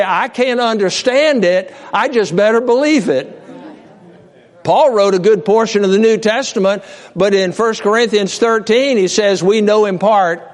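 A man preaching a sermon with passion, swinging between raised cries and low hushed storytelling, often restarting words and speaking straight to his listeners. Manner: repeats and restarts words, direct address to listeners. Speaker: pastor.

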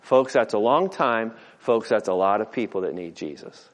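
A man's voice: on the low side, animated, moderate pace. A middle-aged man preaching a sermon as a pastor, folksy and earnest, often repeating words and stacking alliterative phrases. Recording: long hall reverb.

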